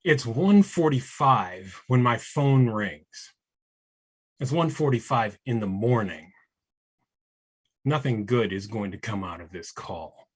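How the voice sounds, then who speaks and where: Husky man telling a tense story. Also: mid-range voice, lively intonation. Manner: measured, suspenseful telling. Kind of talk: live storytelling.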